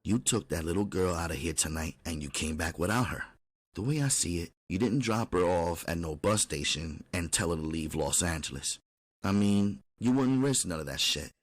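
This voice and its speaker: A man's voice: deep voice, expressive, normal speed, no room sound. A man voicing a streetwise middle-aged woman who runs a brothel, drawling endearments like honey and baby. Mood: confronting. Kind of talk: audiobook character voice.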